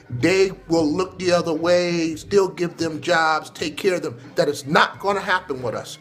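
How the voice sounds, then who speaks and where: A man's voice: fairly high pitch, normal speed, a bit bright, faint music behind. Earnest man giving a heartfelt talk. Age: adult with a son. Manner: preachy, emotional, repeats himself. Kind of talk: earnest direct-to-camera address.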